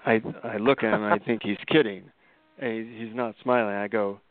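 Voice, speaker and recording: A man from Northern California tells an animated story as a guest author. His voice sits at a middle pitch and leaps up when he acts out his own reactions. The sound is dry and tinny, like a phone call. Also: a little fast, no room sound.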